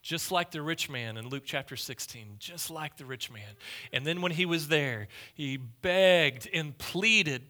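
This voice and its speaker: A male pastor delivers a sermon with an emphatic, repetitive style. His voice sits a bit high and has a very bright, sharp edge. He swings between quiet, hushed phrases and loud declarations. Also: lively intonation, unhurried.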